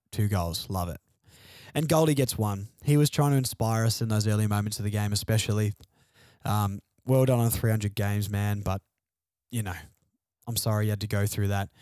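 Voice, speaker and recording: A man's voice: fairly low pitch, a little mellow, dry recording, clean studio sound. A man hosting a fan podcast alone, venting frustrated, sardonic opinions about his team's loss. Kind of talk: solo sports podcast rant.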